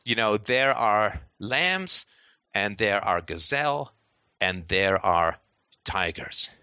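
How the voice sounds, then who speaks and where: Ranting man with a bright, lively voice. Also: on the low side, slow pace, clean tone, dry recording. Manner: profane, sarcastic ranting. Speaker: host of a philosophy show. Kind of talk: impassioned monologue.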